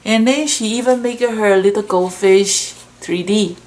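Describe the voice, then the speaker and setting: A woman's voice: medium pitch, unhurried, a little mellow. A middle-aged woman hosting a stamp shop video, chatting casually and gushing over handmade cards while telling rambling stories. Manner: rambling storyteller. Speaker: stamp shop host sharing card swap entries.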